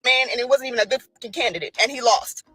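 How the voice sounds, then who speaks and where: A woman's voice: on the high side, fast, a bit bright, breathy edge. A young woman venting on a vlog, upset and exasperated. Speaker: social media poster. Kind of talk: emotional vlog rant.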